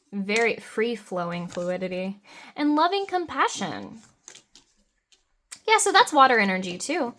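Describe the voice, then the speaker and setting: Female tarot reader, young adult, enthusiastic and free-flowing, talking straight to the viewer. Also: medium pitch. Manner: dreamy, meandering, enthusiastic, with soft laughs. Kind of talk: pick-a-card tarot reading.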